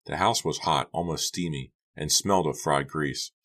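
A man narrating an audiobook in a steady storytelling delivery. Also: a bass voice, moderate pace.

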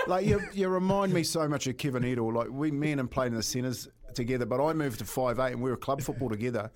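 A radio co-host, telling stories in an animated way during casual banter. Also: male voice, medium pitch, quick pace.

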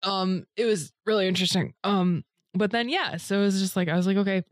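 A woman chats casually and tells a rambling story, leaning on fillers as she goes. She mimics other people in a higher voice, and her middling pitch sits close and dry on the mic. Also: brisk, no room sound. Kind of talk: casual chat.

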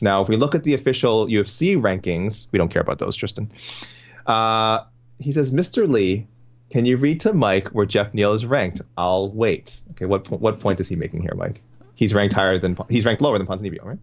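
This man co-hosts a laid-back podcast on fight matchmaking, talking fairly quickly in a lowish voice, rambling, laughing readily, and fixing his wording partway through sentences. The audio has its high frequencies cut off.

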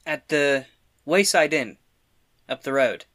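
A man playing a tabletop game, speaking as his character in an earnest, deliberate way. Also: fairly high pitch, animated, a bit bright. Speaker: player.

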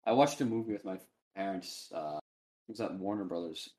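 A young man from New England in casual chat, rambling and animated, full of fillers. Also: deep voice, a little fast.

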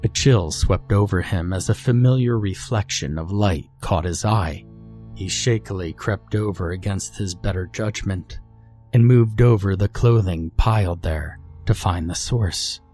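A man narrating a scripted horror story in a slow, measured, brooding way. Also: low voice, mellow, soft background music.

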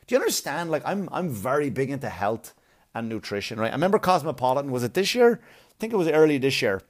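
A man's voice: medium pitch, very animated, fast. A man on a blunt, profane comic rant, arguing and mocking as he goes. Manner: blunt, swearing, argumentative, mocking.

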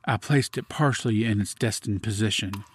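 A man giving a measured, grave dramatic reading of a classic gothic story as podcast host. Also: on the low side, slight background noise.

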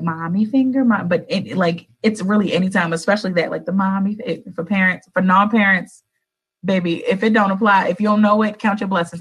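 A woman's voice: on the low side, slightly rough, poor audio. Chatty woman giving pep talk. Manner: rambling, animated, affectionate "baby" asides. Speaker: vlogger. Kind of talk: casual motivational chat.

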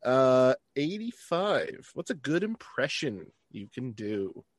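Man, podcast host, casual interview, upbeat, chuckling, lively pitch, dry close sound. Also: takes it slowly, no room sound. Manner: upbeat, chuckling, reads numbered questions.

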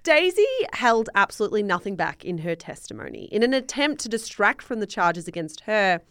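A woman co-hosting a podcast, reading a scripted history story in a relaxed, thoughtful way with soft "mm" fillers. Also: medium pitch, a little fast, dry recording, clean studio sound. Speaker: podcast co-host.

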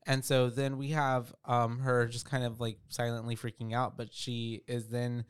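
A man's voice: medium pitch, completely flat delivery, moderate pace, smooth, no room sound. A man co-hosting a podcast, casually recapping a movie with loose, profane storytelling and lots of fillers. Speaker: podcast co-host.

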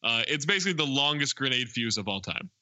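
A man co-hosting a podcast talks through a film's plot in a loose, rambling way, full of fillers and restarts. His voice is very bright and forward. The sound is dry and close, with no room in it. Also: mid-range voice, very animated, fast, dry recording. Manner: rambling scene-by-scene retelling with many fillers. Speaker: podcast co-host. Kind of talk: casual movie recap chat.

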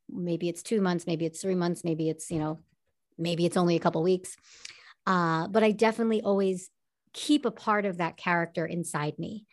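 Enthusiastic woman telling her story. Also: mid-range voice. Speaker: actress, podcast guest. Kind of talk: personal testimony in an interview.

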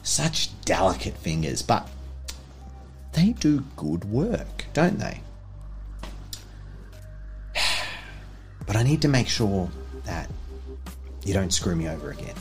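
A man voicing a sinister male crime boss who talks in a soft, low, coaxing way in a tabletop game. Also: sing-song, slow, long pauses, faint music behind, exaggerated voice. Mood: quietly menacing.

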